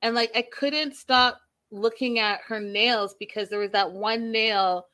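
A woman's voice: a little high, steady tone, a little slow, bright, forceful tone. A woman hosting a casual, gossipy recap show, chatty and a little petty as she talks to her viewers. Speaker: reality show recap host. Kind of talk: casual chat.

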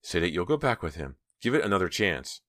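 A man voicing an angry teenage girl who speaks loudly and accusingly. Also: very animated, fairly quick, dry recording, studio quality. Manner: pitched up, loud, accusing.

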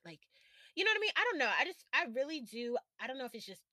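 Young female podcast host, bright voice, dry close sound, chatty and playful, rambles and self-corrects. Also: sits high, very animated, racing, no room sound. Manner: chatty, playful, laughs and backtracks a lot. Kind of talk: casual chat.

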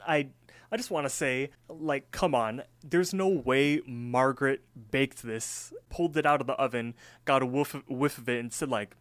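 A man's voice: mid-range voice, normal speed, a bit bright, no echo. Chatty man recapping in a dry room. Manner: rambling, filler-heavy storytelling. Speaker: podcast co-host. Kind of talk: casual episode recap.

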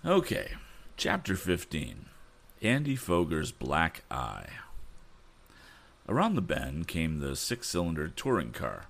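Deep-voiced storyteller man. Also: slow pace, gravelly, pauses often. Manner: relaxed, casual asides. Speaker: storyteller host. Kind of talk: reading a book aloud.

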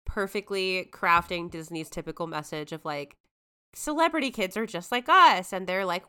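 A woman's voice: mid-range voice, very animated, bright, forceful tone, smooth. A young adult woman co-hosting a podcast, chatting casually and giggling often. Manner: giggly, chatty, quick recaps. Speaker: podcast co-host. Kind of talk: casual chat.

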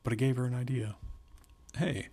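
A man narrating a novel aloud in a steady, measured way. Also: lowish voice, gravelly, breathy edge.

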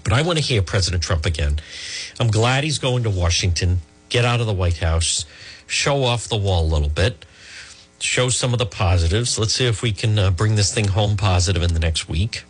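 A man's voice: on the low side, animated, moderate pace, husky. A man hosting a radio talk show, giving emphatic, conversational opinions with frequent fillers and restarts.

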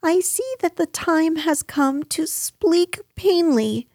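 A woman voicing a small, timid male piglet in a storybook reading, squeaky and stammering. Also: expressive, takes it slowly, a little mellow, no echo, studio quality, exaggerated voice. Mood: indignant.

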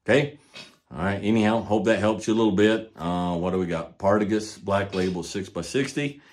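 An older man with a very low voice talks in a casual monologue about horses and ranch life. He is folksy and plainspoken and repeats his points for emphasis. He runs the show on his own. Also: fairly quick. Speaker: podcast host, rancher and horse trainer.

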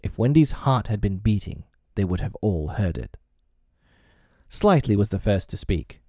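A man reading a children's classic aloud as narrator, with gentle, expressive storytelling. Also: on the low side, a little slow, no room sound, studio quality. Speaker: audiobook reader.

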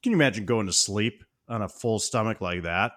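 A low-pitched man chats casually as a podcast co-host. He reacts with lively feeling, sometimes jumping up in pitch and volume as he talks. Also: brisk. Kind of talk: casual movie chat.

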